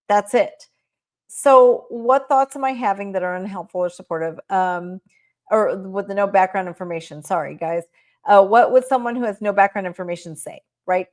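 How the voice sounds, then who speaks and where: A woman presenting a workplace training talk, guiding listeners step by step through questions and often checking in with "right?". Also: medium pitch. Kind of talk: presentation on managing staff. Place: recorded talk shared online.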